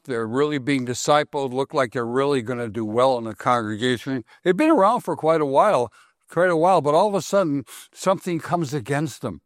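Guy preaching a sermon, middle pitch, repeats himself for emphasis, asks the crowd questions, dry close sound. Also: no echo. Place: congregation hall.

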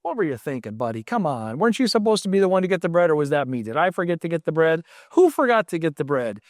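A man's voice: a little high, sing-song, fast, dry recording, clean studio sound, voice pushed down. A man voicing a grumbling, hungry male disciple who complains about forgotten bread. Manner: complaining, exasperated.

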